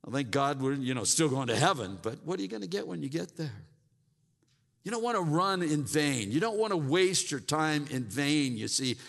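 A pastor delivers a sermon in a slightly high, gravelly voice. He doubles back on words and restarts his phrases, and the sound rings out in a hall with a long reverb. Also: sing-song, moderate pace, a bit bright. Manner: repeats words, mimics grumbling churchgoers.

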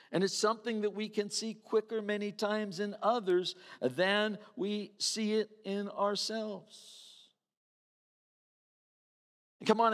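A man preaching a sermon in a conversational way, acting out the voices of the people he quotes. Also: high voice. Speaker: pastor. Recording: reverberant hall.

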